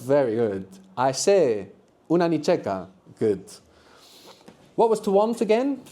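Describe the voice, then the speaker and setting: A man's voice: fairly high pitch, huge pitch swings, unhurried, warm tone. A man teaching a live beginners' language workshop, patiently explaining and prompting students to answer.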